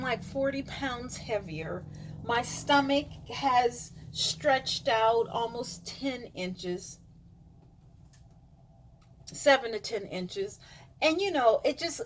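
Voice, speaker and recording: A middle-aged woman telling a rambling personal story to her camera, full of fillers, dropping to a whisper when she quotes other people. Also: on the high side. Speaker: vlogger. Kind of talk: casual storytelling monologue.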